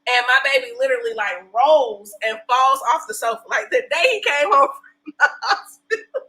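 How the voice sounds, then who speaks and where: A woman in her thirties, a podcast guest, chatting casually and telling animated stories with laughs and acted-out quotes. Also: high-pitched, moderate pace, rough recording. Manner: animated storyteller, laughs often, acts out quotes. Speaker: podcast guest, breastfeeding specialist. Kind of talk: casual interview chat.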